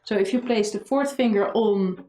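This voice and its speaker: A woman's voice: medium pitch, normal speed, dark tone. A woman violin teacher giving a lesson with energy, singing melody lines on syllables. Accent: Dutch. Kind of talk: instructional tutorial. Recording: echoey room, faint violin.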